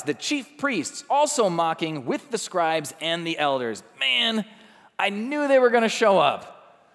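A man preaching a sermon, swinging from loud intensity to hushed quiet and acting out the people he quotes. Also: sits high, vocal fry, long reverb tail. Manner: acts out quoted people in conversational asides. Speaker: pastor.

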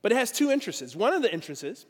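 Middle aged guy pastor giving a sermon, pretty high voice, jokey stories about himself, big church hall echo trailing off. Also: quick pace, breathy edge. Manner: animated storytelling with self-deprecating humor. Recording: long reverb of a big hall.

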